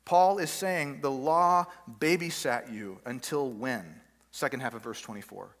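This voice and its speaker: A man's voice: mid-range voice, unhurried, a bit bright. Preaching man in a reverberant hall. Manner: conversational, with rhetorical questions and everyday examples. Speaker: pastor. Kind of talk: sermon. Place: church meeting room.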